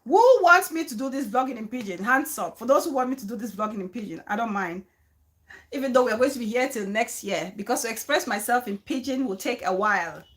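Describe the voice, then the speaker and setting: A woman hosting a casual commentary vlog, animated and emphatic, who repeats her key phrases and turns soft and coaxing when she speaks to her child. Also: on the high side, quick pace. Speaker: vlogger and show host.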